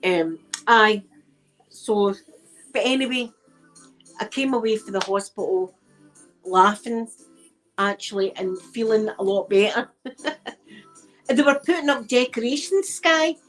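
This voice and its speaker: A middle-aged woman with a Scottish accent, telling rambling stories in a soft-spoken ASMR chat, using local words like aye and wee. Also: a little high, a little slow, pauses often, faint music behind, poor audio. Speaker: ASMR channel host.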